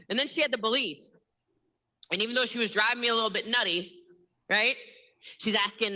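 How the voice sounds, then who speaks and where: A woman giving a motivational sales training in a lively, laughing way, acting out other people's lines. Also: fairly high pitch, a little fast, long pauses, rough recording.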